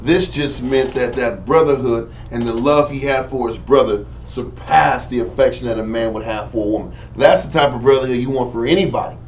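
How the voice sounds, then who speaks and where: A man's voice: medium pitch, fairly quick, hardly any pauses, highs cut off. A man leading a casual group Bible study, talking in slang and commenting on scripture readings. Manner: loud, laughing storytelling, slangy. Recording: distant mic, faint noise.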